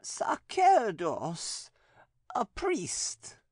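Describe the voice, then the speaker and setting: A possessed nun's halting falsetto. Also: male voice, wildly swooping pitch, slightly rough, no room sound, clean studio sound, full character voice. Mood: halting, eerie. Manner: slow, halting, drawn-out answers. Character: possessed nun, demon answering through her.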